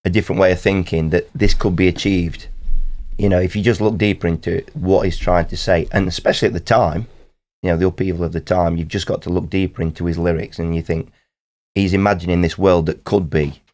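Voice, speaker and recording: A man's voice: low voice, steady tone, fairly quick, darkish tone. A middle-aged man from Nottinghamshire with a Nottinghamshire accent, chatting on a podcast and telling rambling stories. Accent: Nottinghamshire English. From Nottinghamshire, England. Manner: rambling storyteller, laughs often. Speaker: band guest. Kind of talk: casual podcast chat.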